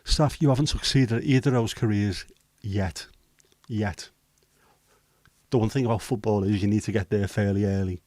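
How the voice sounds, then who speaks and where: A man from Liverpool, England, speaking with a Liverpool accent, hosts a casual livestream and rambles hesitantly through viewer comments, swearing now and then. His voice is on the low side with a darkish tone and a moderate pace, recorded dry.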